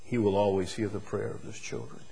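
A man's voice: on the low side, level tone, brisk, creaky, warm tone. A man preaching a sermon as pastor, emphatic and building his points through repeated phrases. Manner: emphatic, repetitive preaching cadence.

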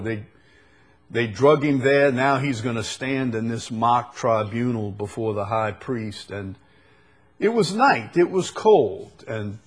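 Slow-preaching man with a New Orleans accent. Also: fairly low pitch, breathy edge. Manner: deliberate, rising to emphatic bursts on quoted lines. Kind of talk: sermon reading and explaining scripture.

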